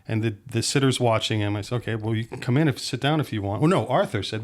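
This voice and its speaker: A man's voice: mid-range voice, fast talker. A middle-aged man from Pennsylvania, a filmmaker guest on a podcast, telling rambling anecdotes with frequent restarts. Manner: rambling, restarts mid-sentence, acts out quotes. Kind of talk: anecdotal storytelling in a podcast chat.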